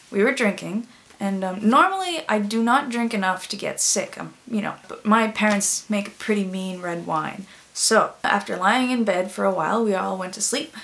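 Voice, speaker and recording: A young adult woman vlogging casual confessions, chatty and self-deprecating, sometimes dropping into quiet whispered asides. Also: on the high side.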